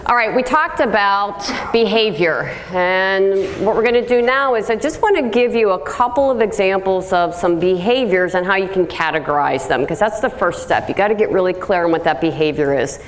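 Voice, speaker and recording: A woman's voice: mid-range voice, normal speed, few pauses, slight background noise. A woman giving a live talk to an audience, direct and plain-spoken, telling stories and acting out what people said. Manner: lively storytelling, acts out quotes. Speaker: workplace speaker.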